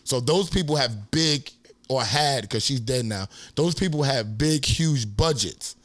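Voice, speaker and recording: A man's voice: mid-range voice, unhurried, no room sound. A man from New York with a New York accent, a podcast guest telling stories in a casual, profane way and acting out what others said. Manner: animated, profane, acts out quotes in a raised voice. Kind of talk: casual storytelling interview.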